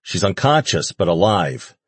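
Man doing a desperate rough young soldier. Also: sits low, big pitch swings, measured pace, no echo, heavily acted. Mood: urgent. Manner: pleading and shouting.

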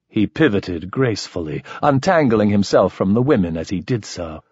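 A man narrating a first-person story in an expressive, lively manner. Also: on the low side, normal speed, few pauses, husky, no echo, muffled recording. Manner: expressive, shifting voices for characters. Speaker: audiobook narrator.

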